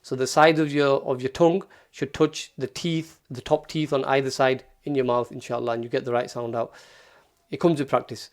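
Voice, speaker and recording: A man's voice: fairly high pitch, steady tone, moderate pace. A man teaching recitation step by step, patiently sounding out syllables and repeating them for learners.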